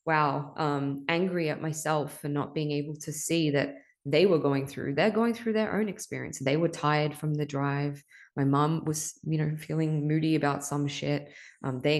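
Woman podcast host, low gravelly voice, raw confessional monologue, casual swearing. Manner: emotional, confessional, swears freely. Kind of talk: candid personal monologue.

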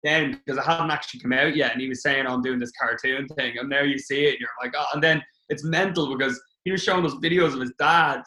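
An Irish man, a comedian, telling stories in a casual podcast chat, animated and swearing freely. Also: a little high, fast, few pauses. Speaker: comedian guest. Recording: roomy echo.

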